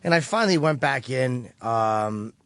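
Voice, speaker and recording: A man's voice: medium pitch, expressive, a little slow, gravelly, a bit bright, no echo. A man on a radio talk show, reminiscing about a friend in a casual, profane, earnest way.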